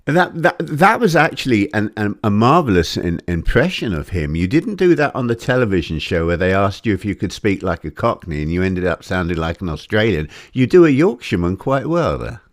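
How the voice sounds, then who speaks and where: Male host, digressive, self-deprecating, low pitch, dry sound. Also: big pitch swings, fairly quick, few pauses, no echo. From England. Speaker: host, interviewer. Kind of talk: casual chat.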